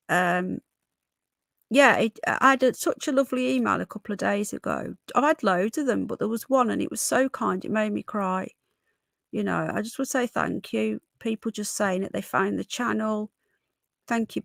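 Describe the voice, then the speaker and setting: A woman in her early forties with a hoarse voice, hosting a casual livestream and chatting with viewers, calling them love and darling. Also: mid-range voice, a bit bright, dry recording. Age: 40s. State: hoarse from illness. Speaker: livestream host. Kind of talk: casual live chat.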